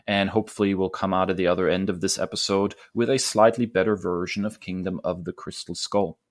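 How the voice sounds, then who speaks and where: A man hosting a casual podcast, talking in a relaxed way with frequent fillers. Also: deep voice, a little fast. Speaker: podcast host.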